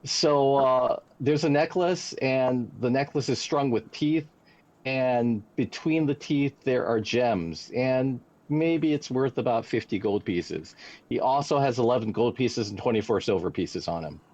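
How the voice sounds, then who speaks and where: A man's voice: medium pitch, expressive, measured pace, a little mellow, highs cut off. A man narrating a tabletop game as game master, describing loot with some hesitation.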